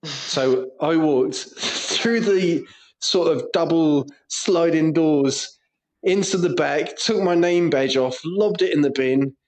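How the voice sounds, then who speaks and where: A young man co-hosts a podcast and tells a work anecdote, swearing and laughing freely. His voice sits a little high. The talk is loose, casual banter. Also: slow, darkish tone, poor audio. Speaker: podcast co-host.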